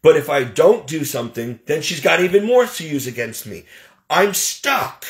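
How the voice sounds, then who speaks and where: Guy with a gravelly voice ranting about his caregiving job, fired up and preachy. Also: a little high, big pitch swings, moderate pace. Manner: heated, religious, aggrieved storytelling. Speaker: professional caregiver. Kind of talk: emotional personal vent.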